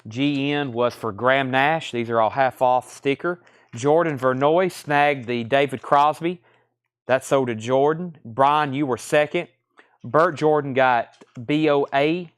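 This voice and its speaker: A Southern-accented man runs a live-stream record auction, calling out titles and prices at a brisk clip and tossing in joking asides. His voice comes through smooth and clear. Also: medium pitch. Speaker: live record sale host.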